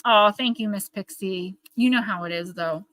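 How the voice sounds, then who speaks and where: A woman's voice: mid-range voice, normal speed, a bit bright, dry recording. Chatty Northern New Jersey woman. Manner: chatty, rambling, talks straight to viewers. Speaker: oracle card reader. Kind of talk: casual live-stream card reading.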